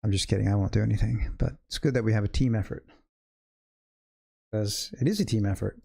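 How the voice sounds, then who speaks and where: A man's voice: lowish voice, fairly even intonation, brisk, vocal fry, warm tone, husky. A man hosting a live day trading stream, thinking aloud in loose, chatty sentences and talking directly to viewers in the chat. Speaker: day trading educator and livestream host.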